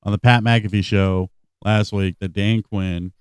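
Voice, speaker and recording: A man's voice: lowish voice, measured pace, smooth, dry recording, clean studio sound. A man co-hosting a sports podcast, chatting casually and animatedly and playing clips. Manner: animated, laughing, plays clips. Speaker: podcast co-host.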